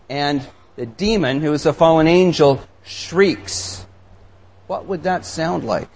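A man preaching a sermon, reading scripture and reflecting on it with earnest, emphatic questions. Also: a little high. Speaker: pastor.

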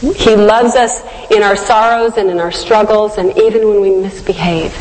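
A woman's voice: mid-range voice, steady tone, moderate pace, darkish tone. A woman giving a devotional sermon, telling a personal story in an earnest, reflective way. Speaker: devotional speaker. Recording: long hall reverb.

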